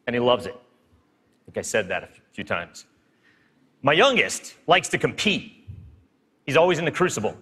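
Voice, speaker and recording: A game studio presenter takes the stage at a keynote in a large hall, upbeat and pumping up the live audience. His voice is a little high and a bit bright, and the live stage recording has a long hall reverb.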